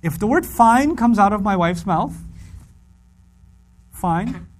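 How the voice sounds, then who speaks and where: Middle-aged guy, pretty high voice, lively religious lecture, repeats stuff for emphasis. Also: normal speed. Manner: animated, acts out quoted voices, repeats for emphasis. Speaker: Quran teacher.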